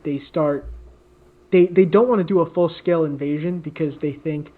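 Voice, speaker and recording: A man's voice: on the high side, moderate pace. Man rambling over tinny audio. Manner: rambling, many fillers and restarts. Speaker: podcast co-host. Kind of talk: casual chat, improvised story.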